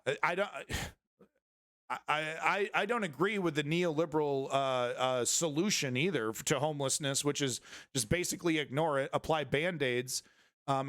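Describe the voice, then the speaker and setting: A man with a fairly high voice hosts a live-stream news commentary show. He talks bluntly, swears freely and rambles with many restarts. The recording is dry and close, with no room sound. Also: a bit bright, no echo.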